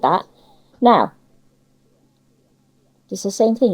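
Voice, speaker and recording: A woman's voice: a little high, big pitch swings, takes it slowly, darkish tone, rough recording. An older woman with a Cornish accent, chatting in an interview and giving emphatic opinions. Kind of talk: casual conversation.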